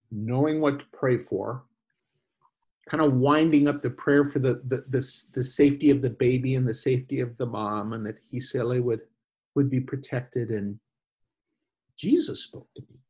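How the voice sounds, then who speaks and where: A husky man recounts a story as an interview guest. He talks animatedly, jumping into quoted voices and often restarting his sentences. His pitch sits in an ordinary middle range. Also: fairly even intonation, normal speed, dark tone. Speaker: guest, former missionary. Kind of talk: conversational storytelling.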